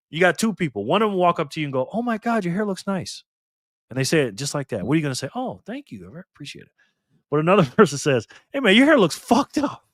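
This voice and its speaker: A man in his fifties hosts a live stream in a loose, streetwise way, reading viewer comments and chatting back. His pitch swings widely as he talks, and it sits a little high for a man. The sound is dry and close. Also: a bit bright, no room sound. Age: 50s. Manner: loose, streetwise talk with frequent "bro" and "man".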